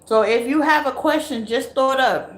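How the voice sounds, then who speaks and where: A woman hosting a casual live tarot reading, talking to her viewers. She laughs often and bursts into loud exclamations. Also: high voice, moderate pace, roomy sound.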